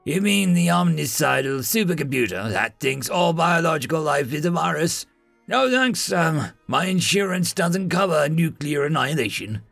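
A man voicing a skeptical six-armed spidery alien salvager with a sharp tongue, in a narrated story. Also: a little high, animated, moderate pace, gravelly, no echo, soft background music, pitched above the performer's own voice, exaggerated voice.

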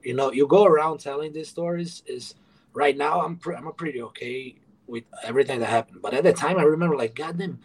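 A man's voice: fairly high pitch, quick pace, husky, low-quality recording. Frank, profane male podcast guest. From moved to the USA from abroad. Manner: frank and profane, acts out past dialogue. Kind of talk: candid interview storytelling.

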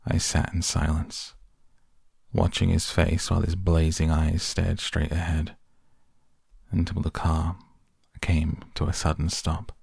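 A man narrating a story in a measured, even way, reading an audiobook. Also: low-pitched, creaky, husky, no room sound, studio quality.

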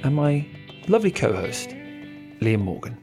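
A man's voice: mid-range voice, very animated, normal speed, creaky, warm tone, faint music behind. A man hosting a podcast in casual, playful chat, bantering and joking with his co-host.

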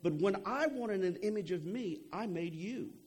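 A man's voice: sits high, lively intonation, normal speed, a little mellow, breathy edge. A young adult man preaching a sermon in a conversational way, often checking in with "okay?" and repeating words as he goes.

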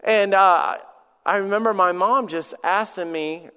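High-voiced pastor preaching in a hall. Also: male voice, unhurried, bright, forceful tone, clear, resonant tone. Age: 40s. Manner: repeats words when starting sentences, storytelling. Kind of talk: sermon. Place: church sanctuary.

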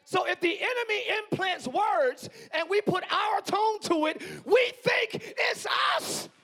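A hoarse man in his forties preaching a live sermon as pastor, swinging from quiet musing to yelling. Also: very high voice, animated, measured pace, a faint crowd. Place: church sanctuary.

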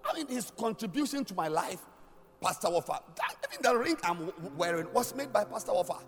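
A man preaching a sermon as a pastor. He talks emphatically in a sing-song cadence and swings from shouts down to near-murmurs. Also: high voice, expressive, fairly quick. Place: church hall. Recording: long hall reverb with faint music.

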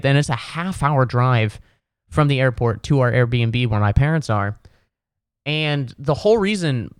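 A man's voice: mid-range voice, clear, resonant tone, no room sound, clean studio sound. A young man hosting a casual solo podcast, telling stories in a profane, exasperated rant. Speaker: podcast host.

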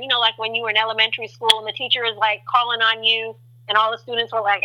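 Lively woman telling faith stories over a thin phone line, high bright voice, does all the voices. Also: fast. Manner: animated storyteller, acts out voices with big pitch jumps. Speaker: guest. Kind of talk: testimony in a faith talk show.

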